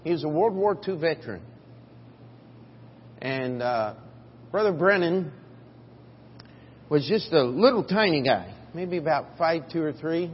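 A man's voice: fairly high pitch, animated, measured pace, long pauses, slight background noise. Preacher man in an echoing hall. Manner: storytelling, swings from quiet to loud. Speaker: pastor. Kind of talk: sermon. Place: church sanctuary. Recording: dull audio in a reverberant hall.

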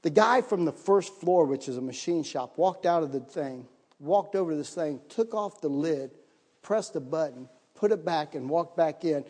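Middle-aged male preacher, high voice, animated storyteller, sermon in a reverberant church hall. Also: normal speed. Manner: animated, acts out his own panic in higher voice. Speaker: missionary pastor.

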